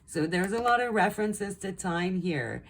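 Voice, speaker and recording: A woman's voice: mid-range voice, animated, normal speed. A young woman giving a casual pick-a-card tarot reading, rambling and chatty with lots of ums and likes. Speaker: tarot reader.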